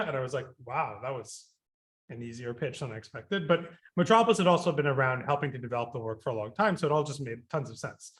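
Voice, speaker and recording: Guy composer chatting on the radio, lots of um and you know, lively when he quotes himself. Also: medium pitch, fast. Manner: rambling, many fillers and restarts; animated when quoting himself. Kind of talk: radio interview.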